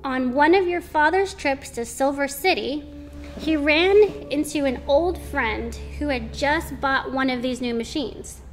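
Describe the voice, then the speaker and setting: A woman's voice: high voice, measured pace, soft background music. A woman reading aloud, voicing a cheerful farm mother who teases in a light-hearted way. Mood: teasing.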